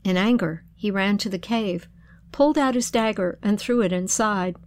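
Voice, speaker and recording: There's no echo on this recording of a woman with a mid-range voice. She relates an old folk tale with measured expressiveness, then turns to reflect on its meaning.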